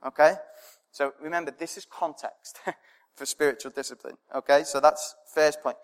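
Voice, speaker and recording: A high-voiced man delivers a sermon, hammering home points with repeated phrases and questions he answers himself. His voice rings out in a hall with a long reverb trailing behind each line. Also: steady tone, normal speed, clean tone. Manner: emphatic, rhetorical questions and repetition, swelling then dropping to near quiet. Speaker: preacher.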